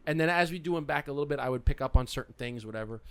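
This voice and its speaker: Speaking very fast and smoothly in a mid-range voice, a middle-aged man hosts a podcast. His casual stories come alive as he acts out other people's lines.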